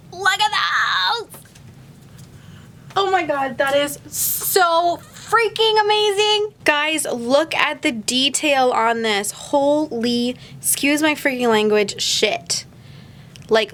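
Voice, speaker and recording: A mother with a bright, somewhat high voice gushes through an unboxing vlog of a gift box alongside her young daughter. She gasps and repeats her exclamations as she opens it for her YouTube channel.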